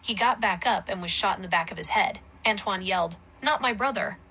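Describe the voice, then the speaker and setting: A woman narrating a story aloud in a plain, even storytelling manner. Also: on the low side, brisk, a little hiss or hum, low-quality recording.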